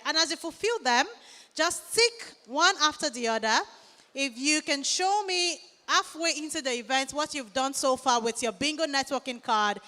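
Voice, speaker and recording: Nigerian female emcee, high bright voice, lively crowd work, big reverberant hall. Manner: lively, engaging the crowd directly. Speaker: event host. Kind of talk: live event hosting. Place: large event hall.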